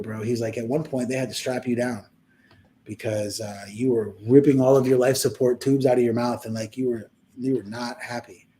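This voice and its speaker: A man's voice: mid-range voice, warm tone, slight background noise. A young man telling a personal story in a casual podcast chat, rambling and heartfelt, acting out the people he quotes.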